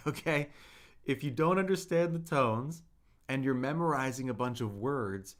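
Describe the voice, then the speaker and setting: A man teaching a livestreamed Mandarin lesson, slowly modeling words for viewers to repeat and chatting with the chat between them. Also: fairly high pitch, a bit bright. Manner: slow, drawn-out modeling of words for repetition; chatty, reads viewer comments aloud.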